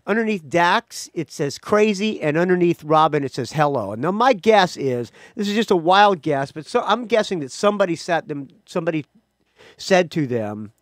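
A man's voice: fairly high pitch, expressive, moderate pace, no room sound, clean studio sound. A man hosting his own music podcast, talking casually and rambling, with frequent restarts and asides. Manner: rambling, chatty, self-correcting. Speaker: podcast host. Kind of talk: casual solo podcast talk.

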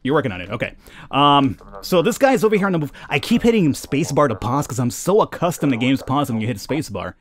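Young male let's-play host, lively chatty commentary, middle pitch. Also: fast talker. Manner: chatty, laughs at callers, talks to units. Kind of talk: casual gameplay commentary.

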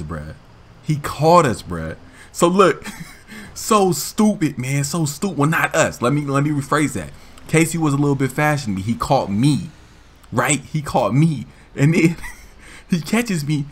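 A man hosting a gaming channel, telling a story in a casual, animated, slangy way with frequent laughs. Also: mid-range voice, breathy edge.

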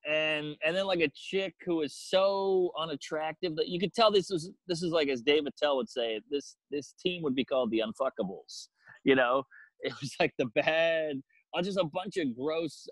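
Male comedian guest, slightly high voice, profane animated storyteller, dry close mic. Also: moderate pace, no room sound, rough recording. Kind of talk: casual storytelling chat.

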